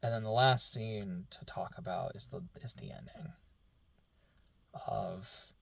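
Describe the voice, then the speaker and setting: A man giving a casual, emotional film reaction, rambling with many fillers and dropping very soft when moved. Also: on the low side, takes it slowly, creaky. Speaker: film reviewer.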